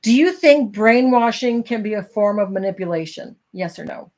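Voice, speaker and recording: A woman's voice: medium pitch, animated, normal speed, a little mellow. A middle-aged woman hosting a casual talk, reading from a self-help book and chatting candidly with her viewers.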